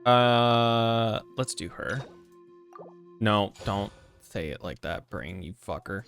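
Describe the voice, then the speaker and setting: A man streaming a video game, talking slowly with a lively, bouncing pitch. He rambles, swears casually and stumbles over unfamiliar names. Faint game music plays behind him. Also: clear, resonant tone. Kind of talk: casual gameplay commentary.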